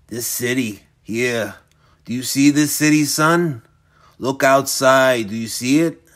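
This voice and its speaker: Man voicing a sinister old man, fedora, slow, taunting, predatory, deranged, gritty audiobook villain. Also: medium pitch, fairly bright tone. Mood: menacing.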